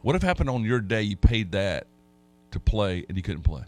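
Over soft background music, a man hosting a sports talk radio show rambles through stories in a folksy way, restarting often. His voice is on the low side with big pitch swings, a little mellow, at normal speed.

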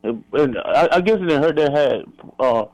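A man's voice: on the high side, expressive, normal speed, darkish tone, dry recording, highs cut off. A man co-hosting sports talk radio, rambling casually in colloquial speech.

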